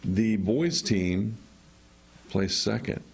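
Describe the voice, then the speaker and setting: Deep-voiced guy teacher explaining things on a radio show. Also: lively intonation, drawn-out words, creaky. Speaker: teacher and coach. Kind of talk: radio interview guest.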